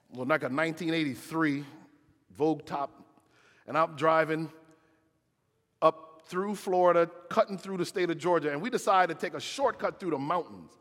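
A pastor preaching a sermon, telling a story with dramatic swings from loud to hushed. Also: male voice, on the high side. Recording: long hall reverb.

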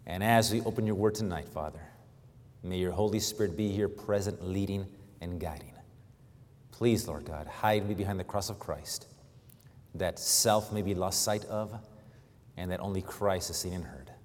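A man from Cuba preaching a sermon, stammering through restarts and self-deprecating humor, then reading scripture loudly and emphatically. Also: sits low, moderate pace. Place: church sanctuary. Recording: long hall reverb.

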